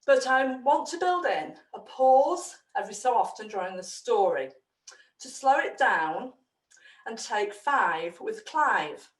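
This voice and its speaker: A chatty woman storyteller explains her show to parents, her voice bouncing with lively pitch. She sits a bit high for a woman. The sound is roomy, picked up from a mic some distance away. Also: takes it slowly. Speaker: children's storyteller addressing parents.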